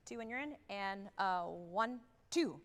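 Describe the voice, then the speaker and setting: Bright-voiced woman conductor in a reverberant hall. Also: mid-range voice, animated, unhurried. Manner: upbeat and direct, counts off and sings articulations. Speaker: guest conductor leading a band rehearsal. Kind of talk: rehearsal coaching of a wind band. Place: large theatre stage. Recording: long theatre hall reverb from a livestream.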